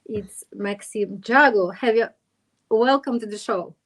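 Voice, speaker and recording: A woman hosting a podcast interview, effusive and enthusiastic, speaking as a with halting phrasing. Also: medium pitch. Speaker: podcast host.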